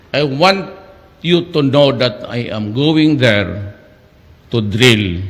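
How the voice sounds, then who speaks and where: A Filipino-accented man delivers an unhurried, meandering speech, his pitch rising and falling widely as he leans on rhetorical questions. He slips back and forth between English and Tagalog. His voice rings out with a long reverb, as if recorded in a large hall. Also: a bit bright. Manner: switches between English and Tagalog mid-sentence. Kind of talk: rambling public speech.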